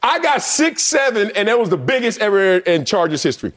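A former pro football player co-hosting a sports debate show, talking emphatically and playfully. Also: male voice, big pitch swings, brisk, fairly bright tone. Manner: emphatic, swooping pitch, playful.

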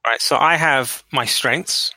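A man's voice: slow pace, dry recording, low-quality recording. A middle-aged man, a business owner, telling stories in an interview and acting out the dialogue. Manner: animated, acts out quoted dialogue with rising pitch. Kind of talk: storytelling interview answers.

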